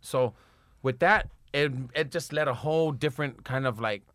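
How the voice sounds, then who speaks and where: A man's voice: mid-range voice, normal speed, a bit bright, dry recording. A man from Los Angeles, a pro skateboarder guest, telling a story in casual, profane street slang.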